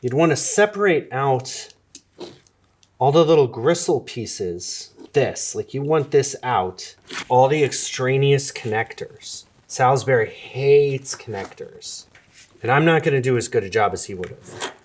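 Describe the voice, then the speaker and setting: A man's voice: mid-range voice, lively intonation, unhurried, a little hiss or hum. A man hosting a casual explainer video, chatting wryly with amused asides while demonstrating a kitchen gadget. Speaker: video essay host. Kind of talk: casual explainer with cooking demo.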